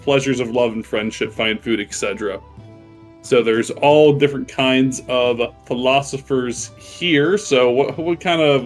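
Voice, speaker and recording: A man narrating as game master of a tabletop game, chatty, with many fillers and frequent laughs. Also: mid-range voice.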